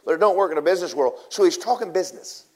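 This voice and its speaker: A man preaching in a relaxed, folksy storytelling way. His delivery is animated, jumping from loud, high bursts down to near-whispers. He talks to the congregation like they're friends. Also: rapid-fire. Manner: animated, swings from loud to hushed; casual, folksy phrasing. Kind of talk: storytelling sermon.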